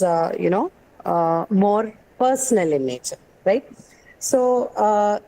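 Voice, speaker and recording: A woman lecturer teaching a class, often checking in with the students and pausing with fillers. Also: mid-range voice, dark tone, poor audio. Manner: checks in with frequent "right?" and fillers. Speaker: university lecturer.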